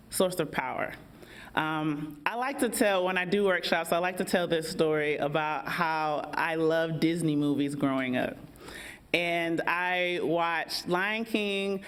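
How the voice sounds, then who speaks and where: An American woman, a workshop facilitator, speaking on a panel in an engaging, conversational way and asking the audience questions. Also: on the low side. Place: event hall.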